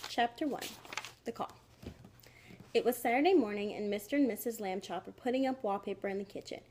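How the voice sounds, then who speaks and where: A woman narrating a children's storybook in a clear, expressive reading. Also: medium pitch, brisk, a little hiss or hum.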